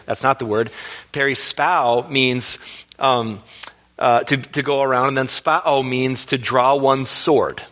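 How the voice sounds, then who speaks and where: A pastor preaching a lively sermon, asking the congregation questions and laughing along. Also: male voice, medium pitch.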